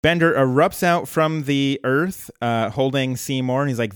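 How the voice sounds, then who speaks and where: A man hosting a podcast, casually retelling a cartoon episode at length in a relaxed storytelling manner. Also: mid-range voice, unhurried, clear, resonant tone, no room sound, studio quality. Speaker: podcast host.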